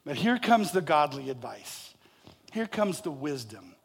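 A man preaching a sermon, animated and jokey, acting out people's reactions and asking his congregation questions. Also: a little high, a little slow, gravelly, husky. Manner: animated, acts out reactions with rising and falling loudness. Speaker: pastor.

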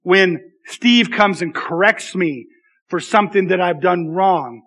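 High-voiced man preaching a casual sermon. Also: unhurried, fairly bright tone. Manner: conversational, self-deprecating, frequent "right?" asides. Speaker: pastor.

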